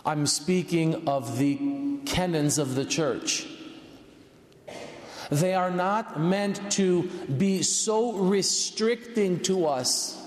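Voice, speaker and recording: A high-voiced man delivers a slow, earnest sermon, lifting his voice higher to stress a point. He sounds a little distant in a large church, with a long, ringing reverb behind every phrase. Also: a little hiss or hum. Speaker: priest.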